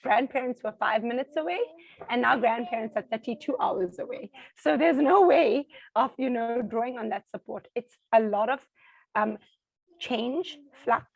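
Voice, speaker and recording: Husky South African woman telling stories. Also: a little high, a little slow, no room sound, lo-fi sound. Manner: animated storyteller, acts out quoted voices. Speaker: interview guest. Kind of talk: casual interview. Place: home.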